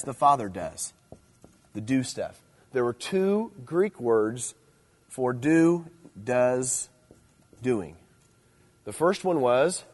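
A middle-aged man preaching to teenagers, swinging between loud emphasis and quiet asides. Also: medium pitch. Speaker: youth speaker. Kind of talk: sermon.

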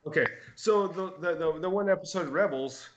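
A man's voice: sits high, normal speed. A man in a casual podcast chat, talking hesitantly and repeating words as he lays out a theory. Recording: dull lo-fi sound.

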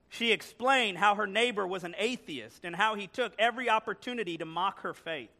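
Male guest preacher, high, bright, lively storyteller in church. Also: a little fast, few pauses. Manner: animated storytelling with joking asides. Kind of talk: sermon. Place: church sanctuary.

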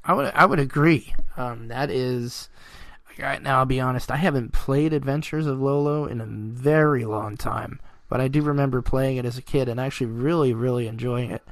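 Brief: gravelly male podcast host, dry close sound, easygoing chat with fillers. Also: medium pitch, normal speed, no room sound. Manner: relaxed, laughs often, filler words.

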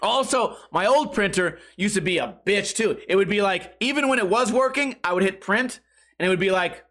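A young man hosting a podcast, telling profane, animated stories and acting out quotes and noises. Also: high voice, moderate pace. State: sweating. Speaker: podcast host. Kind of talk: casual storytelling monologue.

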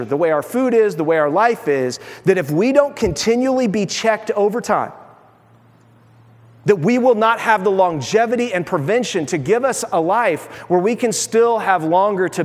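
A middle-aged man preaching a sermon as pastor, animated and humorous, acting out everyday voices. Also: high voice. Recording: long reverb of a large hall.

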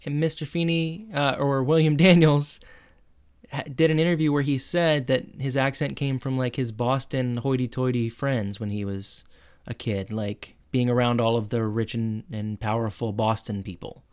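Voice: mid-range voice, fairly even intonation, moderate pace, darkish tone, smooth. Podcast co-host retelling scenes. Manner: retells scenes, acting out characters' lines. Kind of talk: casual chat recapping a TV episode.

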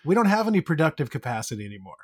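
A man's voice: fairly high pitch, big pitch swings, rapid-fire, husky. A man co-hosting a casual chat, blunt and sarcastic, swearing freely.

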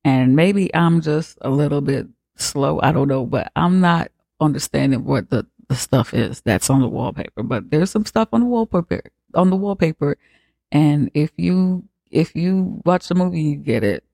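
A man's voice: on the high side, animated, normal speed, gravelly, a little mellow, no echo, studio quality. A man hosting a comedy podcast, retelling a horror film in a slangy, profane, laughing way. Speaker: podcast host. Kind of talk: comedic movie recap.

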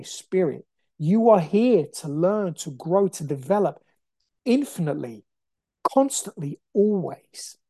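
A woman gives a motivational podcast monologue in a blunt, fired-up, foul-mouthed manner. Her voice is warm and mellow. It is recorded dry, with no room sound. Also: on the low side, no room sound. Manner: blunt, profane, impassioned ranting. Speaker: podcast host.

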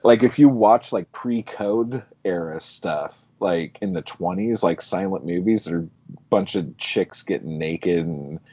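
A low, husky male voice rambles through a film recap, peppering every sentence with "like" and casual swearing. The sound is dry and slightly dull, a lo-fi podcast recording. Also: unhurried, dark tone, no room sound. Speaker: podcast co-host.

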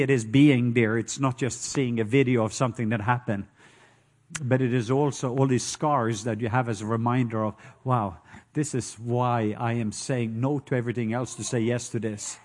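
A middle-aged man with a Norwegian accent preaching a sermon, telling stories with lively call-and-response and acting out sounds with loud hoots and croaks. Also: medium pitch. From Norway. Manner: animated storytelling with call-and-response.

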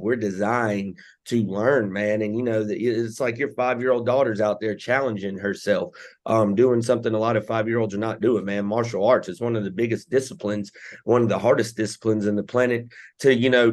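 A man co-hosting a motivational podcast speaks in a somewhat low voice. He talks reflectively about growth and challenge, and keeps dropping in "man" and "you know". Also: darkish tone. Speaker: podcast co-host. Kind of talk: casual motivational chat.

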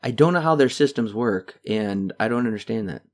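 A man co-hosting a podcast, chatting casually about a movie and mocking scenes with quick put-on voices. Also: lowish voice, expressive. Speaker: podcast co-host. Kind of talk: casual movie review chat.

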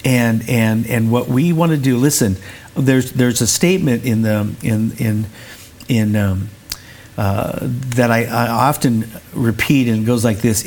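Middle-aged pastor guest, earnest and preacherly, mid-pitched voice. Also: male voice, a little slow, darkish tone, slight background noise. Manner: earnest, preacherly, repeats words when searching. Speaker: recovery center director and pastor. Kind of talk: interview guest.

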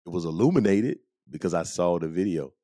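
A man hosting a casual talk show, telling stories in an animated way and acting out his friends' lines with quick laughs. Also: sits low, dry recording. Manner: animated, acts out quoted friends, chuckles often. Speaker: podcast host. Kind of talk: casual storytelling monologue.

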